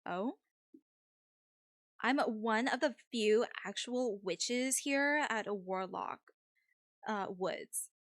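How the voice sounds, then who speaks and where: A woman's voice: fairly high pitch, extremely slow, pauses often, dry recording, studio quality. A woman voicing a vain, stylish young witch girl in a put-on Valley girl accent, reading a game's lines. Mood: vain drawl.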